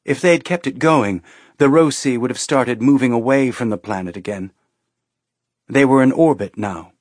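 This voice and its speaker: A man's voice: mid-range voice, no room sound. Man narrating, dry close sound. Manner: measured, steady. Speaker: audiobook narrator. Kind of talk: scripted narration.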